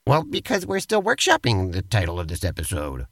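A man's voice: sits low, wildly swooping pitch, a little fast, fairly bright tone, no echo. A man co-hosting a comedy podcast, narrating an improvised role-play in a playful, theatrical way.

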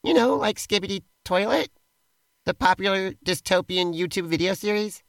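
A man's voice: high-pitched, normal speed, a bit bright, no echo. A man co-hosting a comedy show, teasing his partner in playful, improvised role-play banter. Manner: upbeat, teasing, playfully pushy. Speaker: co-host.

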